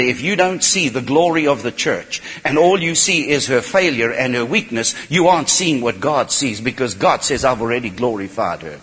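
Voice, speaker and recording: Man, preacher, sermon, bright and forceful, lively rising and falling pitch, long reverb of a large hall. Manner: impassioned, swings from quiet to shouting.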